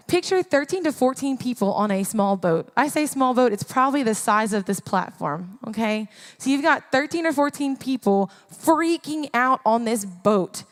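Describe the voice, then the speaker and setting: Woman, Sunday school teacher, emphatic storytelling, long church reverb. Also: on the high side. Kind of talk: expressive Bible teaching. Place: church platform.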